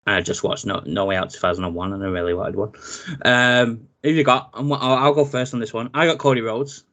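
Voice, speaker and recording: A man, co-hosting a casual wrestling chat, running through a match card with animated, jokey asides. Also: mid-range voice, brisk. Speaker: podcast co-host.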